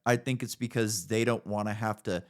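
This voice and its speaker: A man's voice: fairly low pitch, fairly even intonation, moderate pace. A man in his thirties co-hosting a casual podcast, ranting with plenty of profanity and a mocking edge. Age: 30s. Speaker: podcast co-host.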